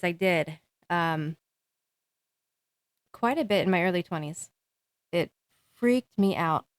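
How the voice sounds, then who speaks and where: A woman's voice: mid-range voice, no echo. A woman in her thirties hosting a solo podcast, talking casually in a rambling way with frequent ums and small laughs. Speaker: podcast host.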